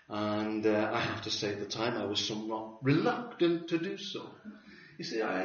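A man preaching a sermon, telling a story with wry humor and lively delivery. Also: medium pitch. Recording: roomy hall from a distance, dull sound.

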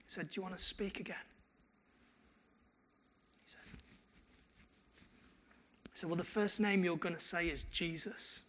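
A man's voice: sits high, measured pace, long pauses, a little hiss or hum. A male pastor, preaching a sermon and telling stories with quoted dialogue. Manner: animated storytelling with quoted dialogue.

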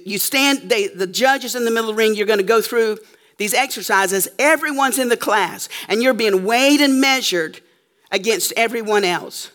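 A woman's voice: on the high side, bright, forceful tone. A woman preacher telling a story in a sermon to a live audience, emphatic and checking in with her listeners often.

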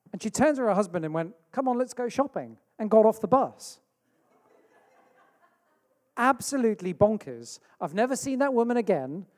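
In a church hall thick with long reverb, a pastor from England delivers a sermon built around a story, acting out little asides along the way. He speaks with a high, slightly mellow voice.

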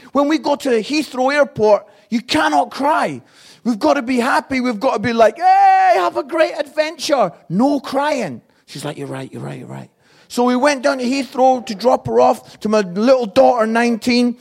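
A man, a guest preacher telling a humorous family story, animated and acting out voices, laughing often. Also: high voice.

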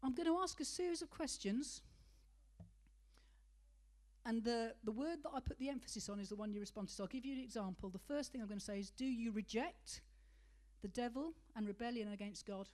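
A woman preaching a sermon, asking rhetorical questions and slowing to stress key words. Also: on the high side, darkish tone.

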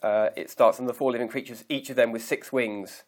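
A man preaching a sermon, reading scripture aloud slowly and deliberately and pausing to stress key words. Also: mid-range voice, steady tone. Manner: measured, emphatic reading of scripture.

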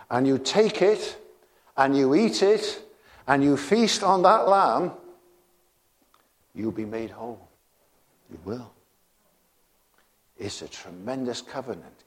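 An older man preaching a sermon, slow and emphatic, with rising exclamations and bursts of laughter. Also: mid-range voice.

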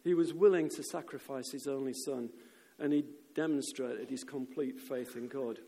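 A man preaching a sermon, telling stories in an animated way and shouting out the lines of crowds. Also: medium pitch, moderate pace, gravelly, breathy edge. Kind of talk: sermon with storytelling. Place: church. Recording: long reverb of a church hall.

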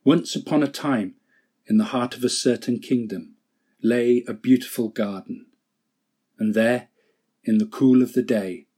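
A man giving a slow, solemn scripted church reflection and telling a parable in a measured, gentle way. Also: mid-range voice, husky.

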